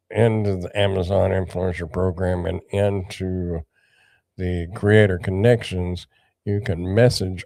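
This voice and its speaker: Older man, gravelly, lowish voice, dry close sound, rambling livestream chat. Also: warm tone, dry recording. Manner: rambling, chats with viewers by name. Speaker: livestream host.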